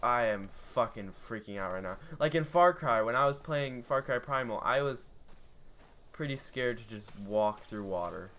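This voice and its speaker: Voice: medium pitch, animated, moderate pace, a bit bright. A let's play gamer giving live gameplay commentary, panicky and shrieking, swearing constantly.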